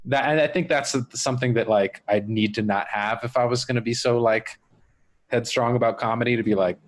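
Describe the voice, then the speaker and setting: A man's voice: medium pitch, steady tone, a little fast. A man hosting a casual podcast chat, talking in a reflective, rambling way. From Miami area comedy scene. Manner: reflective, rambling, overthinks aloud. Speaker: podcast host.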